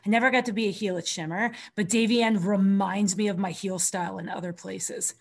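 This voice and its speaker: A woman's voice: mid-range voice, fairly even intonation, brisk. A woman hosting a podcast, chatting casually about wrestling, laughing and acting out quotes in her stories. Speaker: podcast host, wrestling trainer.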